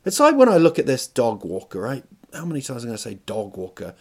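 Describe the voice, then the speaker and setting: A man telling a rambling, self-mocking comic story on his podcast. His pitch sits at an ordinary middle level, and he stumbles through plenty of ums and restarts. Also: wildly swooping pitch, quick pace, slightly rough. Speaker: podcast host and comedian.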